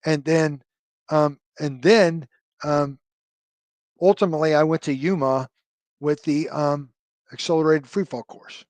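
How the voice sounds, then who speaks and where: Middle-aged ex-army guy rambling through stories, lots of "you know, right?", bit higher voice. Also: fairly even intonation, a little slow, long pauses, no room sound. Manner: rambling, many fillers and tag questions. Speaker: guest, retired army officer. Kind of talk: conversational storytelling interview.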